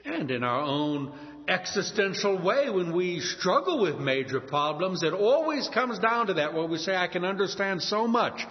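A male pastor preaching a sermon with a dramatic delivery, slowing down to stress key words. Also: high voice, big pitch swings. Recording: long reverb, dull lo-fi sound.

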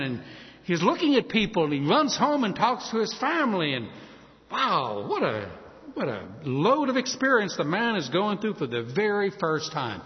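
A male preacher telling a story in a sermon, animated and acting out the scenes. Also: sits high, normal speed. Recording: dull recording with long hall reverb.

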